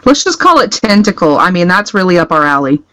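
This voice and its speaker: A woman playing a tabletop game, bubbly and quick to laugh as she chats with the group. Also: fairly low pitch, very animated, fairly bright tone, dry recording. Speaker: player. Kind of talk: casual banter at a tabletop game.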